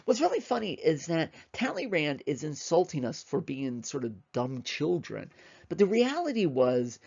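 A man's voice: fairly high pitch, sing-song, normal speed, creaky, darkish tone, lo-fi sound. A man giving an informal history lecture, talking conversationally and emphatically with frequent fillers and repeats.

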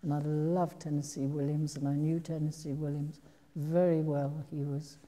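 An older actress tells a long, meandering, reflective story to a live audience, restarting as she goes in an anecdotal public talk. Her voice is low and dark with little pitch movement, her pace unhurried, and a large hall's long reverb surrounds the sound.

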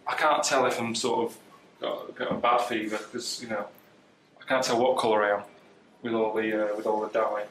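A man giving deadpan, complaining travel commentary, sounding weary and self-deprecating. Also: on the low side, normal speed, slight background noise, low-quality recording. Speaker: travel show subject.

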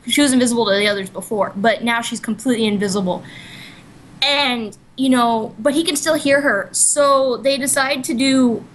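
A woman with a fairly high voice, chatting casually as a podcast co-host. She rambles through a long retelling, packing in "like" and "you know" and restarting her sentences, with a faint hiss of noise under her voice. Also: normal speed, low-quality recording. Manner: rambling, full of "like" and "you know", self-correcting. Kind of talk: casual chat retelling an anime plot.

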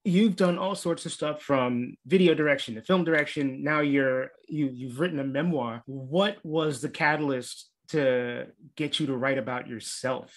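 A man's voice: a little high, moderate pace, few pauses. A man hosting a podcast, asking his guest questions with short encouraging reactions. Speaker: podcast host. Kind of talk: interview questions.

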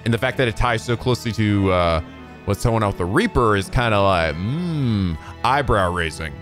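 A man commenting excitedly on a video game as he plays, swearing and laughing often. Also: on the low side, a little fast, over music. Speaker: let's play host.

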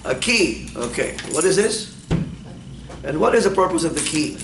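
A man's voice: fairly high pitch, expressive, normal speed. A male instructor giving a classroom lecture. He keeps asking the class questions and then answering them himself. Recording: echoey classroom, faint background noise.

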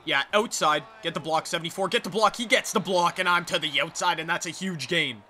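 A man giving excited, trash-talking commentary over his own football video game play. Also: on the high side, brisk, a little hiss or hum. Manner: hyped, trash-talking, sing-song exclamations. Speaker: gaming YouTuber.

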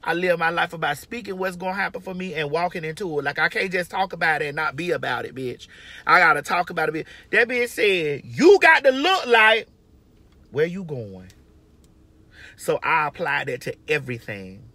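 A woman's voice: low voice, lively intonation, brisk, pushed and bright, dry recording. A woman giving brash, profane, emphatic advice in a casual monologue from her car. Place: inside a parked or moving car.

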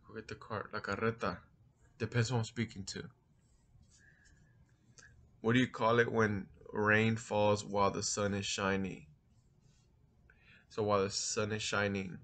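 A man's voice: on the low side, flat delivery, unhurried, long pauses, fairly bright tone. A man in his thirties from East Los Angeles with an East LA accent, casually answering accent tag questions and thinking aloud, with a few Spanish words. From East Los Angeles, California. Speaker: vlogger.

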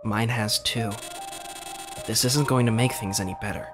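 A man playing a game and reading its dialogue aloud in a gentle, reassuring way. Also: on the low side, fairly even intonation, moderate pace, noisy background. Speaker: game streamer. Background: game music.

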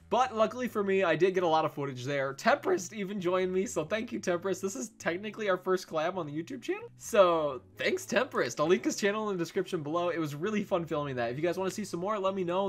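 A young man giving playful gameplay commentary, excitable and laughing as he plays with a friend. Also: sits high. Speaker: gaming YouTuber.

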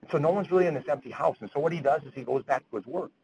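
Fast-talking, earnest male lecturer. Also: on the high side, vocal fry, warm tone, lo-fi sound, a little hiss or hum. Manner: earnest storytelling, repeats words. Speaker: physician lecturer. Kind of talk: grand rounds lecture.

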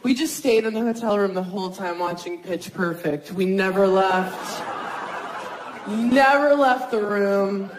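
A woman in her thirties doing a self-mocking stand-up comedy set on a club stage, talking casually and jumping into high squeaky voices for the people she quotes. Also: measured pace. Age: 30s. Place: comedy club stage before a laughing audience. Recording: live club recording with crowd noise.

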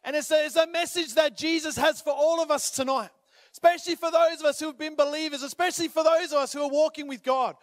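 A man preaching a sermon as pastor, swinging between urgent, rising calls and quiet appeals, sometimes acting out the people in the story. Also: very high voice, fairly even intonation, fast talker, no room sound, studio quality. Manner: impassioned, rises to urgent calls then drops to quiet; acts out voices when retelling scripture.

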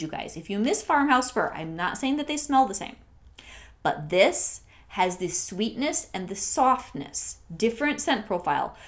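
A woman's voice: medium pitch, a little hiss or hum. Gushing chatty woman reviewing products. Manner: gushing and chatty, drifting into soft near-whispers. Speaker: scent consultant and channel host. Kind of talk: casual product review vlog.

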